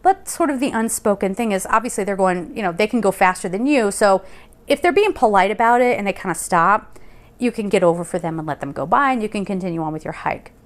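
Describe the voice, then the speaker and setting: A young adult woman vlogging, telling a rambling personal story in a chatty, animated way and laughing now and then. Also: mid-range voice, fast. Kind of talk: casual storytelling. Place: Colorado Springs.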